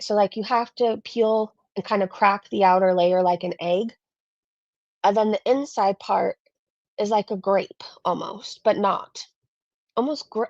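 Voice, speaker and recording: Gravelly, chatty woman streamer. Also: medium pitch, dry recording, lo-fi sound. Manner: chatty, rambling and animated. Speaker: commentary channel host. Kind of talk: casual live-stream commentary.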